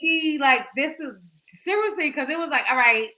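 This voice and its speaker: Bright, profane young woman telling a story. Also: high voice, lively intonation, normal speed, rough recording. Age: young adult. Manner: candid and profane, heavy use of "like". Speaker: podcast co-host. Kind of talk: casual storytelling chat.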